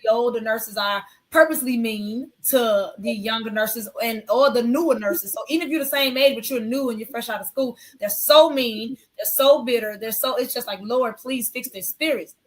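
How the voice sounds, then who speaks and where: A woman nurse giving her testimony on a faith talk show, telling an animated story and acting out the lines of people in it. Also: fairly high pitch, normal speed, few pauses.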